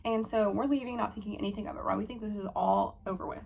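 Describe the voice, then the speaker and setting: Fast-talking woman with a gravelly edge. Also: mid-range voice. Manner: fast, profane, animated storytelling with fillers; acts out her own heated quotes. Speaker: vlogger. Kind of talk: storytime vlog, casual chat.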